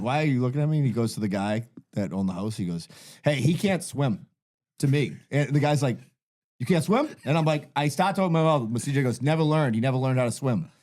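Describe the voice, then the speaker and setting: A man's voice: mid-range voice, a little mellow. A man telling a long, profane, rambling story as a podcast guest.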